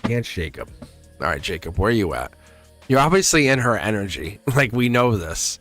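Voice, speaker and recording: A man's voice: lowish voice, very animated, moderate pace, fairly bright tone, faint music behind. A man doing a live-stream tarot reading, talking casually to viewers and laughing often. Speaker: tarot reader.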